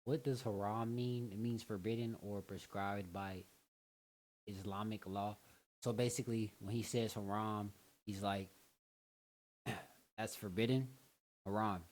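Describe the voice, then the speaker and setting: A man, the host of a reaction video, giving low-key, amused commentary over a clip. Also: steady tone, measured pace, pauses often, a little mellow.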